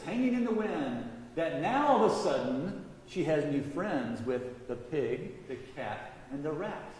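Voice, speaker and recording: Slow, mellow-voiced priest preaching in a church. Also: male voice, fairly high pitch. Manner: storytelling, measured and reflective. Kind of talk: sermon. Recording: echoey church hall, faint noise.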